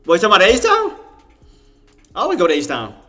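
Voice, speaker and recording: Man, cajun louisiana accent, livestream trading commentary, chatty, excitable, southern slang. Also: sits high, a little fast, faint music behind.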